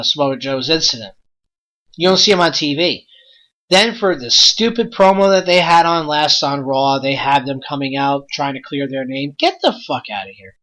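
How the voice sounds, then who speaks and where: A man's voice: on the high side, fairly bright tone. A man hosting a wrestling podcast, ranting in an exasperated, blunt way with lots of rhetorical questions. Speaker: podcast host.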